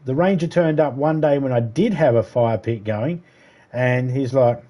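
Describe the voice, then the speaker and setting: An Australian man chats through long anecdotes on a livestream. His voice is mellow and dark-toned at an ordinary pitch, and he swears freely and leans into dry sarcasm. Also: moderate pace, dull audio. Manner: profane, sarcastic, rambling. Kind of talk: casual storytelling chat.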